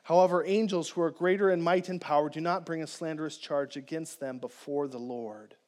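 A man preaching a conversational, animated sermon as a pastor, speaking directly to his congregation. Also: fairly high pitch, a little fast.

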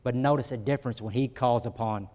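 A man's voice: mid-range voice, fast, warm tone. Preacher man in a reverberant hall. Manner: earnest preaching, rises when acting out quotes. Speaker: pastor. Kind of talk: sermon.

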